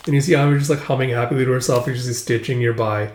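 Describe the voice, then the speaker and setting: A man's voice: medium pitch, steady tone, fast talker, darkish tone. A man casually retelling a comic book, narrating loosely with lots of filler. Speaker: manga reader. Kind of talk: casual read-through narration. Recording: echoey room.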